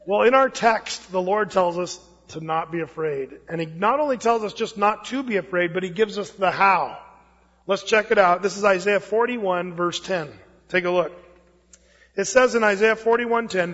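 A man's voice: sits high, normal speed, a bit bright. A man giving a sermon as a pastor, speaking in a conversational preaching style with folksy asides. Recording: dull lo-fi recording in a reverberant hall.

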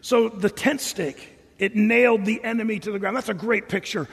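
Man, pastor, casual sermon, high voice, husky, echo of a big hall. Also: normal speed. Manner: casual, animated storytelling with voiced quotes. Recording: reverberant hall.

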